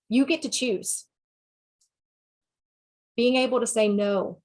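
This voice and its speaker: A woman's voice: on the high side, slow pace, long pauses. A woman with a Southern US accent, a sex therapist giving a talk and answering questions in a frank, conversational way.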